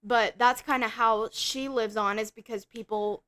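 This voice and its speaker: Smooth-voiced woman podcast co-host. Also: on the high side, measured pace. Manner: plain, steady plot summarizing. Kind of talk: casual film review chat.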